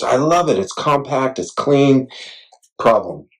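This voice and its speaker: A middle-aged man casually vlogging about camera gear, chatty and self-deprecating, retelling his excitement, on a clip-on mic. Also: mid-range voice, normal speed, rough recording. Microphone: wireless clip-on mic.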